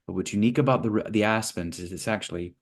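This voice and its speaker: A man, interview guest, telling parables in a relaxed conversation and acting out little voices for the characters. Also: lowish voice, quick pace. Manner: playful, acts out little voices in his parables. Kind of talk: storytelling in conversation.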